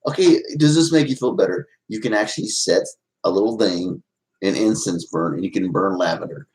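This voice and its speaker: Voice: low-pitched, brisk, darkish tone, low-quality recording. A live-stream host in casual, playful chat with viewers, giggling often and teasing in a folksy way.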